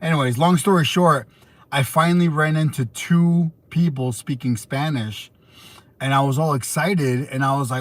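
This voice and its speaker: This livestream host, a young American man, talks casually with viewers, wandering through his answers with fillers and restarts. His voice is mid-range and his pace moderate.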